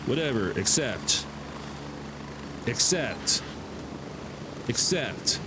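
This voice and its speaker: Excitable American streamer, swinging pitch. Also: male voice, normal speed, long pauses, noisy background. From United States. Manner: excitable, swearing, talking to himself. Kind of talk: live gameplay commentary.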